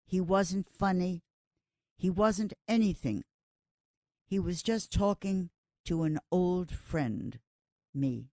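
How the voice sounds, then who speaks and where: Slow, measured older gossip columnist. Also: medium pitch, mellow, dry recording, clean studio sound. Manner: measured, deliberate delivery in short phrases. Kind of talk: reading a personal column aloud.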